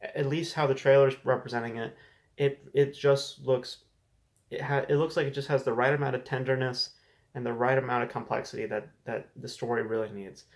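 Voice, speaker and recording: A man's voice: medium pitch, fairly even intonation, fairly quick. A man hosting a casual solo movie news show, sharing frank opinions in a conversational way, often restarting and repeating words. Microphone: desk camera setup.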